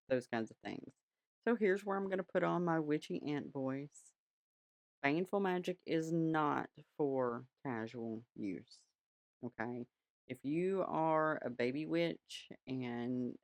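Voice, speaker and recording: A woman's voice: deep voice, no echo. Chatty frank woman podcast host. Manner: chatty, frank, swears casually. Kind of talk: casual solo podcast talk. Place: home altar room.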